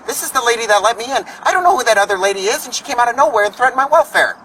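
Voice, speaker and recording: A man's voice: very high-pitched, expressive, very fast, pushed and bright. An angry man ranting profanely at police outdoors, agitated and defiant. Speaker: homeless activist confronting police. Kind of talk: angry street confrontation. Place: outdoors in a parking lot. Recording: distant bodycam audio with background noise.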